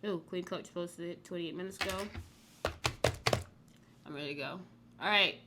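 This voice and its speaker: A woman's voice: fairly low pitch, moderate pace, noisy background. A woman hosting a casual reality TV recap, chatting in a rambling way full of "like". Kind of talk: casual chat review.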